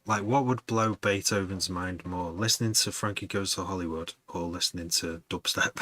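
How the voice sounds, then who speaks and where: A man with a low voice and a bright, forceful edge chats casually to his viewers as a music producer. He rambles, laughs often and thinks out loud. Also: moderate pace. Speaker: music producer streaming to chat. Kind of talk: casual chat with livestream viewers.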